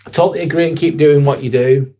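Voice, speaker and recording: A man's voice: on the high side, steady tone, fast, warm tone. A young man hosts a casual live vlog, talking in an earnest, rambling way and swearing casually. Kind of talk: casual live-stream chat.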